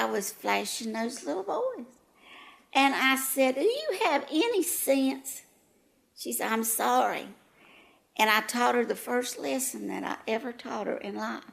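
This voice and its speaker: A woman acts out an elderly schoolteacher, long retired, who rambles through folksy stories in a high, gravelly voice. She takes her time with every word, drawling along at an unhurried pace. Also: a bit bright, full character voice. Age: older. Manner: rambling, folksy, gossipy storytelling. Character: elderly female retired first-grade teacher, frazzled and rambling.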